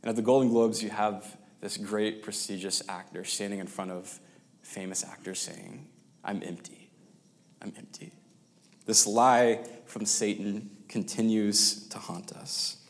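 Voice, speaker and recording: A man preaching a sermon, telling a story with pauses and restarts and dropping to near-whispers. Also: on the low side, fairly even intonation.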